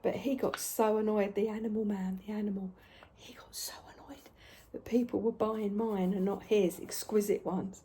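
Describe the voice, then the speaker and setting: A woman's voice: mid-range voice, level tone, normal speed, dark tone, a little hiss or hum. A woman telling chatty craft-market stories while she paints, sometimes dropping to a whisper. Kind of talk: casual storytelling while painting.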